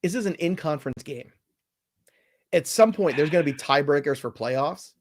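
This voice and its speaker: A man co-hosting a fantasy football show in casual chat, excitable and emphatic, prone to ranting. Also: on the high side. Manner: excitable, emphatic, quick to rant.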